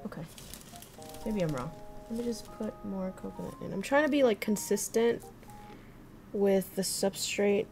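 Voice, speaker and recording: A woman's voice: medium pitch, moderate pace, long pauses, a little mellow, faint music behind. A young woman streaming, thinking aloud and chatting casually with her viewers as she works. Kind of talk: casual livestream chat while crafting.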